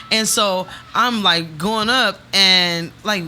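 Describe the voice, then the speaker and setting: A woman chatting casually on a podcast, telling stories in slang with lively quoted asides. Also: lowish voice, a little slow, slight background noise. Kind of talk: casual chat.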